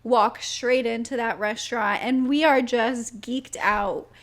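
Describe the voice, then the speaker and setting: A young woman in her twenties co-hosting a podcast, telling a story in a casual, animated, giggly way with lots of "like". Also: fairly high pitch, slow pace. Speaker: podcast co-host.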